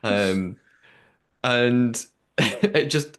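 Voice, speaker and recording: Male podcast host, lively pitch, quick to laugh, mimics people he quotes. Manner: animated, laughs often, quotes people in put-on voices. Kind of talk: casual recap chat.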